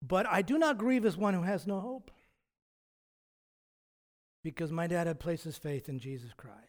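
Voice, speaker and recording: A man's voice: sits high, animated, moderate pace. A male pastor preaching a sermon in a reflective, conversational way, often restarting his phrases.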